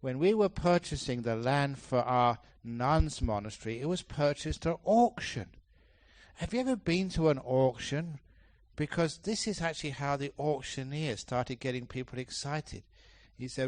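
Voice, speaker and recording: A man, a Buddhist monk, giving a dharma talk at a retreat, telling stories with lots of changes in pitch and pace and laughing often. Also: animated, normal speed, dry recording. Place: temple hall, live talk.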